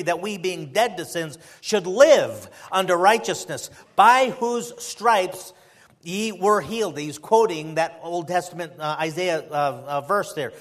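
A high-voiced man preaching. He piles up rhetorical questions and swings between loud emphasis and soft, quiet passages. His tone is impassioned throughout. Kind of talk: sermon.

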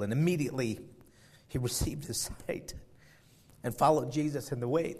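A man preaching a sermon, moving from a quiet prayer to loud, fervent emphasis as he retells a story. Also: a little high, normal speed.

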